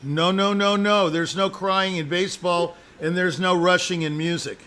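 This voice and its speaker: A man's voice: high voice, steady tone, moderate pace, pushed and bright. A man giving a musician live spoken feedback as an audition judge, emphatic and jokey, repeating his points.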